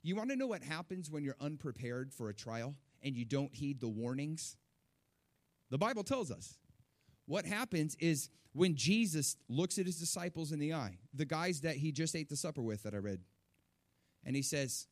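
A middle-aged man preaching a sermon to his church, animated, with rising emphasis and repeated words. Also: fairly high pitch, normal speed. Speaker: pastor.

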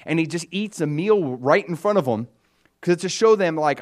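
A man giving a casual Bible teaching, retelling the story in a conversational, animated way with frequent fillers. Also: a little high, normal speed.

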